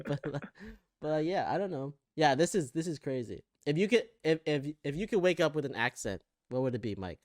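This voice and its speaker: A man's voice: a little high, big pitch swings, a little fast, no echo, clean studio sound. A man with an American accent co-hosting a casual podcast, hesitant and trailing off with fillers and small laughs. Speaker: podcast co-host. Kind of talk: casual chat.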